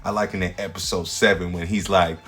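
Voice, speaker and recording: Low-voiced joking comedian host. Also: male voice, flat delivery, a little fast, faint music behind. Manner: slangy, rambling, playful jokes with sudden loud jumps. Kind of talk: comedic monologue.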